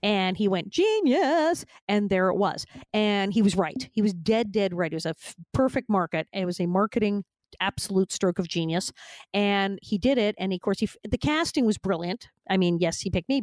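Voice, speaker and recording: A woman's voice: mid-range voice, dry recording, studio quality. A woman in her fifties, a guest actress, telling anecdotes animatedly and laughing often. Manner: animated, laughing often, quoting others with exaggerated tones. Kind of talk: anecdotal storytelling.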